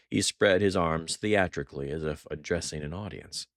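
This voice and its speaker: Very deep-voiced male audiobook narrator. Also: moderate pace, few pauses, a bit bright, dry recording, clean studio sound. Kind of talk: scripted thriller narration.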